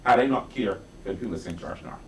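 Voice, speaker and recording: A man's voice: lowish voice, quick pace, slight background noise. Man, Barbadian accent, emphatic political panelist, roomy, off-mic. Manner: emphatic, repeats for effect. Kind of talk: political commentary. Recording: roomy sound, mic at a distance.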